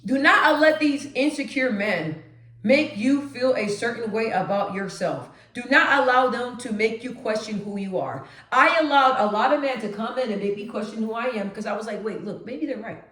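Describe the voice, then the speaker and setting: A woman vlogging straight to camera, with a naturally deep voice she lifts a notch as she talks emphatically. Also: moderate pace, roomy sound. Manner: emphatic, animated, conversational. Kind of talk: direct-to-camera monologue.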